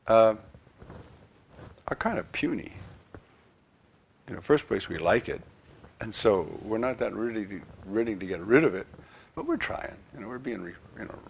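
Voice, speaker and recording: An older man giving a sermon as a priest, in an animated, conversational way with frequent restarts and a gravelly, husky voice. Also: medium pitch.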